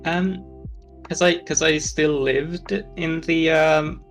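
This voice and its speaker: Slow-talking woman from the southern US. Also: low-pitched, fairly even intonation, faint music behind. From southern United States. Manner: slow, laughing, swearing. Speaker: guest. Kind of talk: casual chat.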